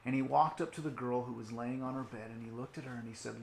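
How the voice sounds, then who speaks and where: A man preaching an online sermon, telling a story expressively, sinking into hushed tones and rising again, with casual asides. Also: medium pitch, steady tone, quick pace, creaky, reverberant, a little hiss or hum. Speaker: youth pastor.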